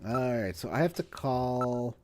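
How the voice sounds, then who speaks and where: A man's voice: mid-range voice, animated, a little slow, a little mellow. A man chatting casually while playing a video game, easygoing and playful. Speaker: gamer. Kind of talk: casual let's-play chat. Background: game music.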